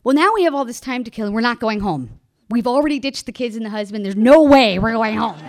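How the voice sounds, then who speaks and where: A woman telling a personal travel story in an animated way, laughing and acting out the people she quotes. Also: a little high, fast.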